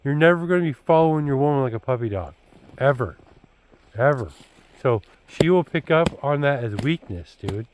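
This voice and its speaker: A man's voice: medium pitch, animated, moderate pace, a little hiss or hum, rough recording. A man talking casually to his son about dating, blunt and preachy, looping back with filler words like "you know" and "dude". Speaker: father giving his son dating advice. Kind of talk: casual rambling vlog talk.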